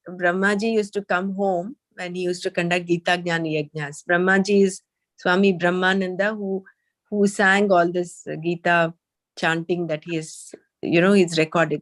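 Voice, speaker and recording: A woman reads a spiritual text aloud to a small group and then explains it in her own words. Her delivery is measured and thoughtful, with hesitant fillers when she talks freely. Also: lowish voice, fairly even intonation. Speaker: study group leader reading the text.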